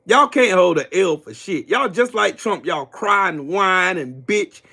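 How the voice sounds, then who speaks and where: Taunting, high-voiced trash-talking man. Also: expressive, a little slow, vocal fry, bright, forceful tone. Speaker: livestream host. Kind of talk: heated political rant.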